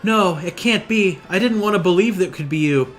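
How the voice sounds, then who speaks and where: A man voicing an earnest young female paper guide, pitching his voice up and sounding eager as he reads game dialogue aloud. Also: normal speed, faint music behind, lightly acted. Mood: pleading.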